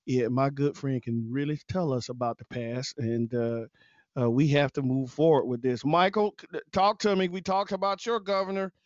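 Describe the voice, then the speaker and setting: A man's voice: mid-range voice, steady tone, moderate pace, no echo. A man hosting a podcast, affirming his guests and steering the talk, on dull lo-fi audio. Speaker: podcast host. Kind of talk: casual political discussion.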